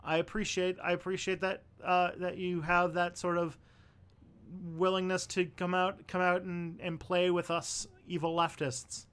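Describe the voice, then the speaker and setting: Young male streamer with a slightly high voice who rambles through viewer questions, full of ums and restarts. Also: level tone, unhurried, fairly bright tone, smooth. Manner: rambling and thinking aloud, with many fillers and restarts. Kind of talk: casual livestream Q&A.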